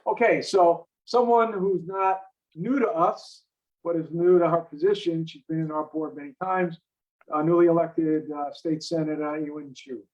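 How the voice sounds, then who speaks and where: Meeting chair, male, slightly high voice, lo-fi sound. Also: fairly even intonation, moderate pace, a little mellow. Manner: brief, informal introductions. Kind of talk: introducing speakers. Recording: dull lo-fi audio.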